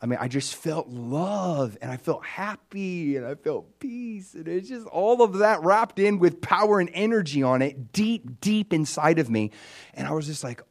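A man giving a personal testimony as a sermon, telling it like a story, dropping to a hushed near-whisper and then rising to loud excitement. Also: a little high, normal speed, gravelly.

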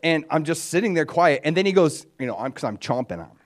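A man giving a personal testimony as a sermon, telling it like a story, dropping to a hushed near-whisper and then rising to loud excitement. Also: fairly high pitch, fast talker.

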